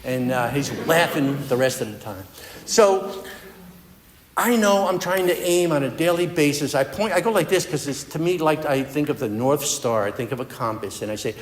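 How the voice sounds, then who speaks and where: A man's voice: on the high side, lively intonation, moderate pace, a little hiss or hum. Earnest man speaking in an echoey hall. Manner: earnest, conversational storytelling with restarts. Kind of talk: personal recovery talk. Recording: echoey hall with long reverb.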